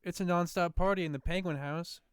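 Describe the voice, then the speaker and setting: A young man tells stories in easygoing chat, his voice smooth and resonant. The sound is dry and close, with no room around it. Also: high voice, steady tone, a little fast, no echo. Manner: easygoing and profane storyteller. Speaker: podcast co-host. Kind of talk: casual chat.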